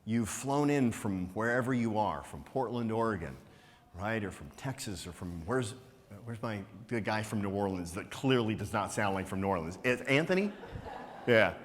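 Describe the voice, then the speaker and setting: Energetic male conference speaker in a reverberant hall. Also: lowish voice, normal speed. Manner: energetic, teasing, asks rhetorical questions with frequent "right?". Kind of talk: motivational business talk to a live audience.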